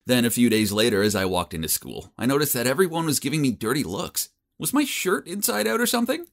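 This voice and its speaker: A man narrating a first-person animated story in a jokey, self-deprecating way. His voice sits in an average register. His intonation swings widely and expressively. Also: medium pitch, fast, creaky.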